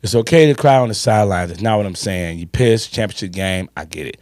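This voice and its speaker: A man's voice: lowish voice, a little mellow, no echo, studio quality. A man, co-hosting a casual sports podcast and talking emphatically with plenty of swearing. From Chicago. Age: 50s. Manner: emphatic, swearing, drawn-out storytelling. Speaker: podcast co-host.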